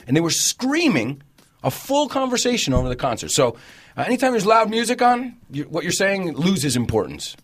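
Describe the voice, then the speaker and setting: A man hosting a radio talk show in a studio, jokey and animated, acting out everyday phrases as he explains them. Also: high voice, fairly quick, slightly rough.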